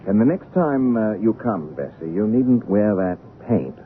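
A man's voice: fairly low pitch, lively intonation, unhurried, slight background noise. An actor playing a brusque, commanding male artist in an old radio drama. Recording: tinny lo-fi old radio recording.

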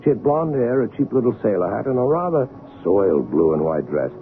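A man narrating and acting in an old radio drama with lively storytelling. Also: medium pitch, fairly quick, a little hiss or hum. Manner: lively storytelling, voicing soldiers. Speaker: narrator and actor. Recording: tinny lo-fi old radio recording.

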